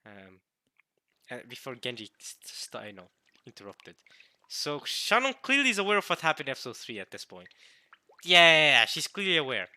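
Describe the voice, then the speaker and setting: A man playing through a visual novel who thinks out loud, often puzzled, and restarts his sentences as he works through what he reads. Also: medium pitch, wildly swooping pitch, a little fast, no echo. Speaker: let's play host. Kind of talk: casual commentary while reading a visual novel.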